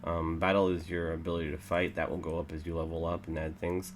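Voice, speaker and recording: A man's voice: deep voice, monotone, quick pace, a little hiss or hum, rough recording. A man hosting a let's play, talking through a game in rambling, filler-heavy casual commentary.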